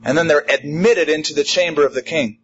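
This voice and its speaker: A man's voice: fairly high pitch, brisk, breathy edge. Emphatic preacher man, lo-fi sound. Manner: emphatic, animated preaching with repeated refrains. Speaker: pastor. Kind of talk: sermon.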